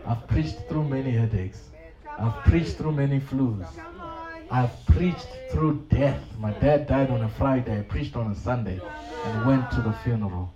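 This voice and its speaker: A man's voice: medium pitch, a little slow, over music. A middle-aged male pastor preaching a sermon with passion and humorous asides. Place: church hall. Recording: echoey hall, dull sound, congregation audible.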